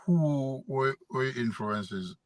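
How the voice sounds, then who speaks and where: A man's voice: medium pitch, slow pace, no room sound. A man hosting a casual interview, joking and steering the talk with short prompts. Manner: jokey, playful interrupter, steady with short backchannels. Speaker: interviewer host.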